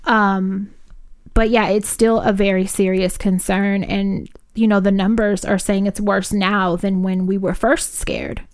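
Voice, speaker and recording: A woman with a mid-pitched voice, talking casually about her week. She tells animated stories with heavy swearing. She acts out the voices of the people she quotes. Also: a little slow. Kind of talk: casual chat.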